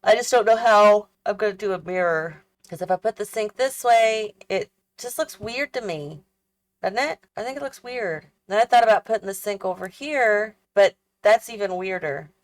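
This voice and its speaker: Speaking at a normal speed in a mid-range voice, a woman who hosts a gaming channel builds a house in a game. She yawns and sounds tired, chatting casually as she thinks aloud and questions each choice.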